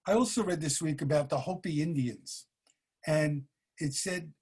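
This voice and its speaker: A man who is senior minister, giving a sermon in a slow storytelling manner with pauses and fillers. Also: on the high side, darkish tone, slightly rough.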